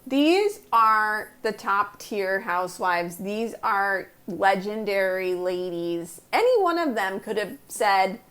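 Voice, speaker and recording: A woman's voice: medium pitch, lively intonation, slow, hardly any pauses, fairly bright tone. A woman co-hosting a casual chat podcast, enthusiastic and fond of acting out what people said. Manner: enthusiastic, acts out quotes. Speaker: podcast co-host.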